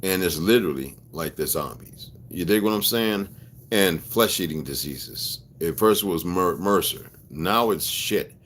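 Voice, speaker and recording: A man's voice: low-pitched, lively intonation, measured pace, fairly bright tone, a little hiss or hum. A man talking straight to his viewers in a rambling, emphatic, profanity-laced monologue, often checking whether they follow him. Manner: profane, emphatic, conspiratorial rant. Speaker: video blogger.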